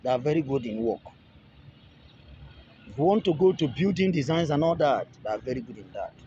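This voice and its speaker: A man's voice: mid-range voice, animated, a little fast, mellow, a little hiss or hum. A man, teaching in a casual monologue, often repeating and restarting phrases and pleading with viewers. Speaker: relationship video creator. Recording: dull lo-fi audio.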